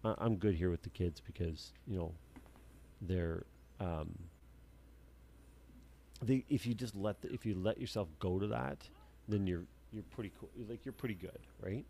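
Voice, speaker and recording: A man co-hosting a laid-back podcast, rambling and swearing freely. His voice is low and dark, with a faint hum of noise behind it. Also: a little slow, creaky, long pauses. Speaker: podcast co-host. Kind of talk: casual chat.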